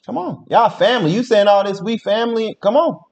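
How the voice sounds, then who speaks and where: Fast-talking high-voiced man. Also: muffled recording. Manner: animated, blunt, talks to the audience. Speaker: podcast co-host reacting to a story. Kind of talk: casual reaction chat.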